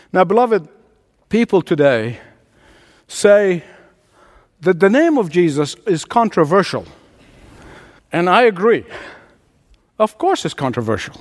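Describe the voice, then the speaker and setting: A man's voice: high-pitched, in a large hall. A man preaching a sermon as pastor, emphatic and repeating his phrases for force.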